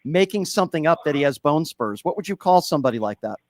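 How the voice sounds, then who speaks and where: A man's voice: a little high, expressive, fast talker, no room sound. A male host of a call-in radio show who presses callers with pointed, repeated questions into a studio microphone.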